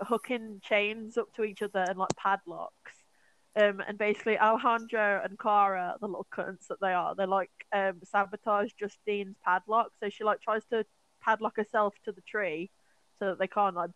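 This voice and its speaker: A woman's voice: medium pitch, steady tone, normal speed, fairly bright tone, no echo, low-quality recording. A young woman co-hosting a podcast, casually retelling a film with lots of fillers, swearing and acted-out quotes. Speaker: podcast co-host.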